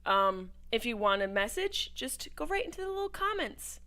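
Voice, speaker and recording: A woman hosting a casual livestream watch party, talking in a brash, profane way, jumping from topic to topic with loud bursts of excitement. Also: fairly high pitch, normal speed. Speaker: host.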